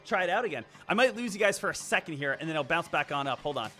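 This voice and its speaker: A man's voice: on the high side, animated, fast, bright, forceful tone, faint music behind. A man streaming about stock trading, lecturing emphatically and repeating phrases for effect. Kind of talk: live-stream motivational talk.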